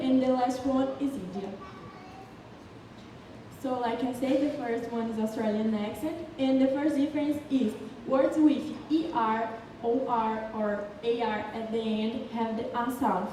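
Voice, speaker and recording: In a large city council chamber, a woman delivers a prepared student presentation in Brazilian Portuguese-accented English, careful in her explanations but stumbling at times. Her voice is a little high and warm. The recording comes from afar, echoing around the hall, with faint noise.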